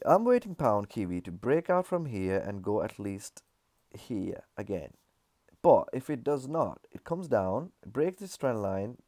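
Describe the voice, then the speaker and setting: A man with a fairly low, mellow voice talks through trading charts in an unpolished, casual way. He repeats himself and pads his points with fillers as he explains. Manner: loose, repetitive explaining with frequent fillers. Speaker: trading analyst. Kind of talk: casual market chart walkthrough.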